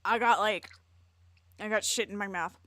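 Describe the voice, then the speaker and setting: A woman's voice: mid-range voice, fairly even intonation, normal speed, pushed and bright, no echo. A young woman streamer reacting live in crude, jokey, rambling casual talk full of swearing.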